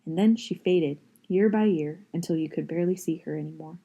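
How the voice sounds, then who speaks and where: A woman's voice: sits low, brisk, dark tone, slightly rough. A woman reading the lines of an earnest, intense middle-aged male schoolteacher in a book reading.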